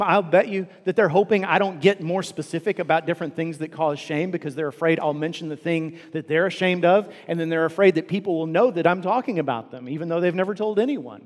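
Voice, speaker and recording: A man with a Texan accent preaching a sermon as pastor, earnest, swinging from loud emphasis down to hushed, quiet lines. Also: fairly high pitch, in a large hall. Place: large church sanctuary.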